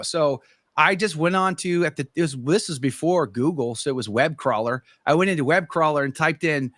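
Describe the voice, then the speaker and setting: A middle-aged man appears as a podcast guest, animatedly recounting his conversion story in casual conversation and acting out what he used to think. His voice is on the high side and a bit bright, at a normal speed with no echo.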